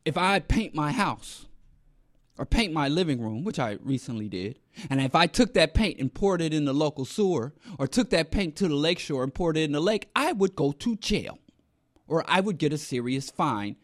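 High-voiced man ranting sarcastically. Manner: emphatic, sarcastic, streetwise slang. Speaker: commentator. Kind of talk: ranting political monologue.

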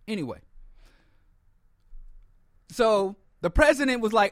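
A man's voice: sits high, animated, normal speed, fairly bright tone, dry recording, clean studio sound. A man hosting a podcast, delivering a blunt, sardonic political commentary monologue and often stumbling and repeating words. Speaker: podcast host.

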